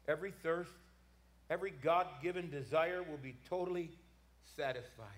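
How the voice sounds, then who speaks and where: A man's voice: fairly high pitch, normal speed, reverberant. A man preaching a sermon, emphatic, repeating words and calling for responses from the congregation.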